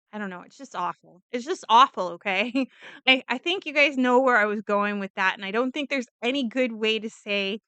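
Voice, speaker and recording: A woman's voice: medium pitch, bright, forceful tone, smooth, no echo. A woman casually recapping a true crime case, rambling and chatty with lots of fillers and restarts.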